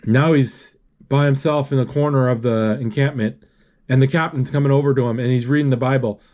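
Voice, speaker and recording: A man retelling a film scene by scene in an unscripted, halting way, with many restarts and spoken sound effects. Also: medium pitch, steady tone, darkish tone.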